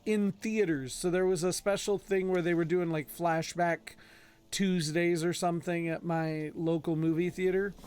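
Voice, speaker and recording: A man's voice: high-pitched, steady tone, moderate pace, a little mellow, clean tone. A man in his thirties streaming a game in casual, joking commentary, scolding his horse.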